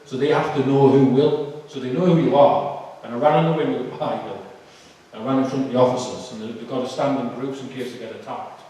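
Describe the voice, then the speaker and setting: A man tells his personal testimony, emotional and halting, filling pauses with "um." His voice sits at an ordinary pitch. It carries a long hall reverb and sounds distant from the microphone. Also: steady tone, warm tone. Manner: emotional, halting, with many fillers. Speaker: speaker giving a testimony. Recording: echoey hall, far from the mic.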